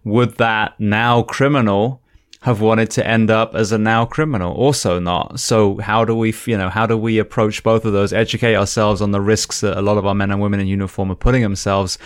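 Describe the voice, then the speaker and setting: Male podcast host, earnest and reflective; lowish pitch, dry close sound. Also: fairly even intonation, a little fast, clear, resonant tone, dry recording. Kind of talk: casual interview conversation.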